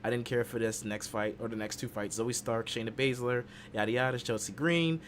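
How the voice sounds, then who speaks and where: A man's voice: medium pitch, steady tone, a little fast, slight background noise. A man hosting a casual wrestling podcast, recapping the show in a playful way and slipping into silly voices. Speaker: podcast host.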